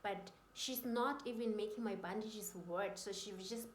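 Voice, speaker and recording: In a roomy, echoey room with a little hiss or hum, a woman vlogger gives a personal testimony. Her mid-range voice keeps a fairly even intonation at a moderate pace as she tells her story earnestly, emotionally and with deep faith.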